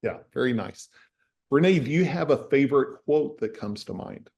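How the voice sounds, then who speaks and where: A man hosting an interview over a video call, speaking in a relaxed, conversational way. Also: medium pitch, normal speed, gravelly. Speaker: host, interviewer. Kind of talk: casual interview.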